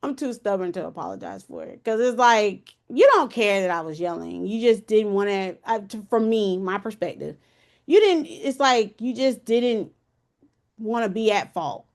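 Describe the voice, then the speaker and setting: A woman's voice: medium pitch, sing-song, moderate pace, a little mellow. A woman in her thirties hosting a podcast, telling a personal story in a candid, emotional, colloquial way. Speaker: podcast host.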